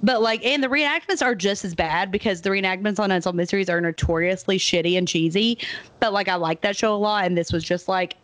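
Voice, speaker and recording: A woman's voice: medium pitch, fast talker, fairly bright tone, no echo. Young woman co-host, casual rambling recap, dry close sound. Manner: rambling, laughing, mimics characters in goofy voices. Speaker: podcast co-host. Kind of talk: casual movie review chat.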